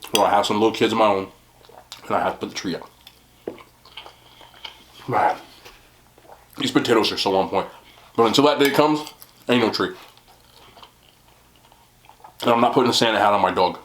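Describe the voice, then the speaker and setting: A man's voice: on the low side, moderate pace, pauses often, a bit bright, a little hiss or hum. A young man chatting casually on camera while he eats, laughing often and poking fun at himself. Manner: chatty and self-deprecating, laughs often, talks while eating. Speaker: mukbang vlogger. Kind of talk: casual eating vlog chat. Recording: roomy home recording.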